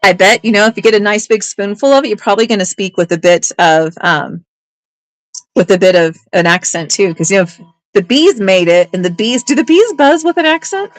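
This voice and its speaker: A woman's voice: medium pitch, a little fast, no echo, rough recording. Chatty woman selling on a live auction stream. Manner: chatty and upbeat, with playful teasing asides. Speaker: live online auction seller. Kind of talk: casual live-sale patter.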